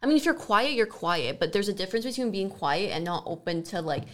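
A woman's voice: medium pitch, expressive, a bit bright. A young woman from Canada telling rambling party stories in casual chat, full of "like" and swearing. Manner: fast, rambling storytelling with frequent "like" and swearing.

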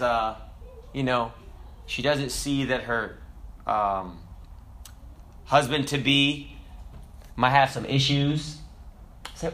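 A man preaching a conversational sermon, quoting scripture and tossing in asides and tag questions, with big swings in pitch and loudness. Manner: dramatic swings in pitch and volume.

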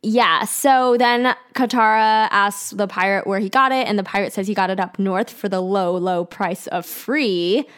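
A woman's voice: mid-range voice, moderate pace, few pauses, fairly bright tone, clear, resonant tone. A young woman co-hosting a podcast, chatting casually as she recaps an episode scene by scene. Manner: chatty, acts out quoted lines with giggles. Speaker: podcast co-host.

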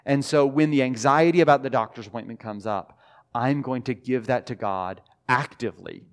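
A man preaching a sermon in a church. He talks in a conversational way, often restarts, and slows down for emphasis. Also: medium pitch. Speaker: pastor. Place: church sanctuary.

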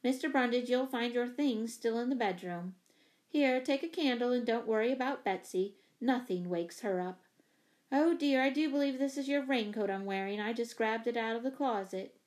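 Woman doing a fussy, no-nonsense mom taking charge, voice sitting a bit high. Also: a little mellow, close to an everyday voice. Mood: brisk. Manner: brisk and fussing. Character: brisk, practical mother.

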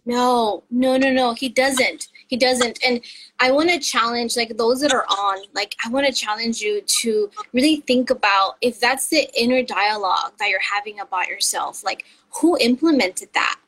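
A woman's voice: a little high, normal speed, fairly bright tone, low-quality recording. A woman co-hosting a casual faith podcast, earnest and encouraging, laughing often. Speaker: podcast co-host.

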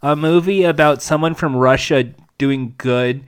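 Smooth-voiced joking man. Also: a little high, unhurried. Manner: joking, sarcastic. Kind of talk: casual chat.

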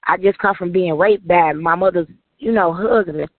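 An author appearing as an interview guest tells her life story as a personal testimony, emotional and run-on, packed with "like"s. Her voice is fairly low and moves at a moderate pace. The dry recording sounds tinny, like a phone line.

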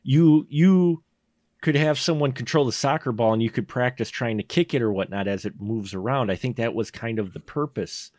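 A man co-hosting a casual movie podcast, rambling and joking as he talks scenes through. His voice sits at an ordinary middle pitch. The close mic gives a dry, dead room sound. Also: moderate pace, a little mellow, dry recording. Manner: rambling, jokey, acts out scenes with put-on voices. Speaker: podcast co-host. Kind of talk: casual movie review chat. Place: indoor studio room.

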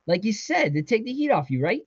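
A man's voice: high voice, big pitch swings, fairly quick, breathy edge, no room sound, pitched above the performer's own voice, exaggerated voice. A man voicing a defensive young man who protests and curses. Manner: protesting, cursing. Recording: dry, slightly dull sound.

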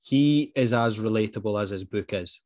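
A man's voice: lowish voice, normal speed, a little mellow. A man with a Dundee Scottish accent, co-hosting a podcast in casual chat, earnest and passionate, with frequent ums. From Dundee, Scotland. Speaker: podcast co-host.

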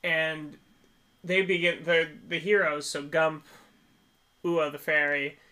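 A man with a bright, forceful and slightly high voice recaps a movie for his podcast co-host. He tells the story in an animated way and breaks into laughter often. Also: takes it slowly. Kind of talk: casual film review chat.

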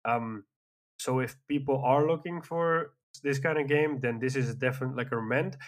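Man, casual podcast chat, mid-pitched voice, enthusiastic, rambling, lots of fillers. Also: a little fast.

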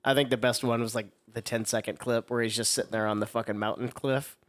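A man's voice: mid-range voice, steady tone, fast. A man chatting crudely and casually as a podcast co-host, rambling, laughing often and acting out quotes.

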